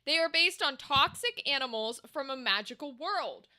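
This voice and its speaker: A woman's voice: sits high, lively intonation, normal speed, pushed and bright. A woman livestreaming, chatting loosely with her viewers and reading their messages, rambling and swearing casually. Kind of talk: casual chat with chat.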